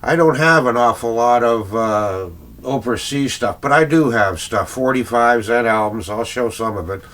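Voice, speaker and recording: A man's voice: medium pitch, normal speed, a bit bright. A middle-aged Canadian man, a record collector, chatting in a rambling casual vlog full of fillers and little chuckles.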